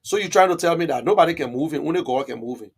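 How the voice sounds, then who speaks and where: A man hosts a political live stream and talks back to viewer comments. He argues hard and repeats himself for emphasis, and his voice sits fairly high for a man. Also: animated, racing, breathy edge. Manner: emphatic, repetitive, argumentative.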